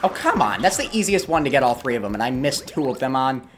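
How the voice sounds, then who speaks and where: A man's voice: medium pitch, sing-song, quick pace, background noise. A man commentating his own gameplay, easily frustrated, swearing and pleading at the game as he plays. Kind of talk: let's play commentary.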